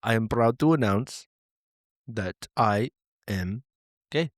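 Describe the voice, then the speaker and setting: A man's voice: fairly low pitch, expressive, no echo, studio quality. A man putting on a stiff Indian-accented announcer. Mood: formal announcing. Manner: stiff, formal announcing with halting restarts. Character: man from India, formal, stiff podcast co-host.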